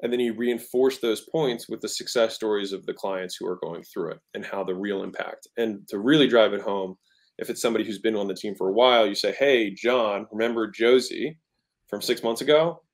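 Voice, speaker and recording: A guest entrepreneur in a casual interview talks in a lowish, steady voice at a fairly quick clip. He teaches sales emphatically, keeps checking in with "right?", and acts out tones of voice to make his points.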